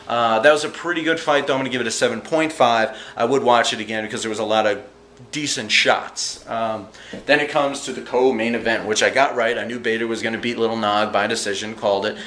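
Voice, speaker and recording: A man giving an animated, slangy, jokey recap of fight events in a casual vlog. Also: mid-range voice, fairly quick, roomy sound. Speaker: vlogger reviewing fight events.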